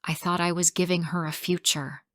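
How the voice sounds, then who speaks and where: A woman's voice: lowish voice, fairly even intonation, normal speed, a bit bright, no room sound, clean studio sound, natural voice. A woman voicing a tired, remorseful middle-aged husband and father in her own plain, subdued voice.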